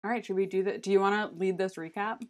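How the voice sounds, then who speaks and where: A woman co-hosting a podcast in casual chat, animated, swearing freely and laughing often. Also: mid-range voice, fast talker. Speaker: podcast co-host.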